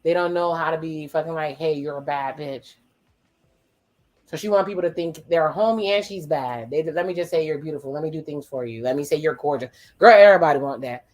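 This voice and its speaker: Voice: mid-range voice, a little mellow. Profane, wry watch-along commentator. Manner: profane, retells dialogue in quick quoted voices; wry asides and exclamations. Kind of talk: casual reaction commentary.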